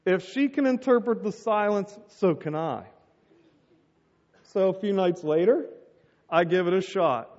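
Pastor, middle-aged man, high voice, storytelling sermon with put-on voices, muffled hall sound. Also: expressive, measured pace, long pauses, a little mellow.

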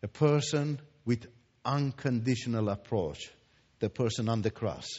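A man from Iran, giving his testimony as a Christian teacher. He talks emphatically and repeats words for stress, moving between hushed and loud. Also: medium pitch, expressive, unhurried, breathy edge. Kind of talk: preached testimony. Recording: echoey hall, dull lo-fi sound.

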